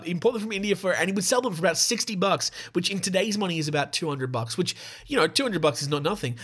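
A young man tells a true-crime story on his podcast in a fairly high voice. He reads prepared passages, then breaks off into casual, swearing asides. The delivery stays loose and conversational throughout. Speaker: podcast host.

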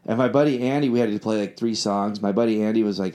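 A man's voice: on the low side, quick pace, darkish tone. A man in a casual chat, talking about filmmaking and his songwriting with loose, rambling storytelling full of fillers and restarts.

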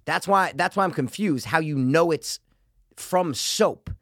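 A man's voice: on the high side, a little slow, no echo, studio quality. A young man in crude, casual podcast chat, blunt and argumentative, pressing his point. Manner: blunt, argumentative, bursts into shouted laughter.

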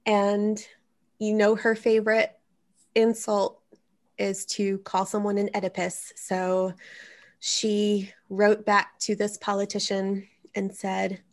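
This woman takes things slowly, her voice sitting in the mid-range. On a studio microphone, she hosts a comedic advice podcast in a casual style, swearing liberally and spinning animated tales.

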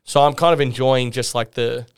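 A young Australian man telling a pub story on a podcast, animated and laughing, acting out the people in it. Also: mid-range voice, moderate pace, smooth. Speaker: podcast guest. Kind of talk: casual storytelling.

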